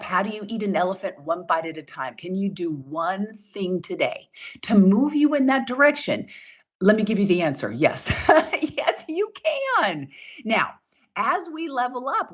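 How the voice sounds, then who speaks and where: A woman with a medium-pitched, slightly rough voice coaches a self-help challenge. Her motivational talk is upbeat and emphatic, and she often laughs and acts out what people say.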